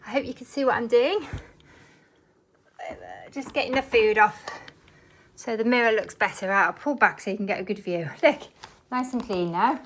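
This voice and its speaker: A woman's voice: on the high side, moderate pace. Chatty woman vlogging while cleaning. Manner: chatty, thinks aloud, self-mocking asides. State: slightly out of breath. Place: home, indoors. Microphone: phone worn on a chest harness.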